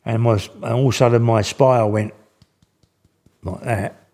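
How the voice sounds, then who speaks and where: A man's voice: medium pitch, fairly even intonation, a little slow, darkish tone. An older man, telling stories in casual, slangy speech with many restarts. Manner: rambling, slangy, full of restarts. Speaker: guest. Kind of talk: casual storytelling.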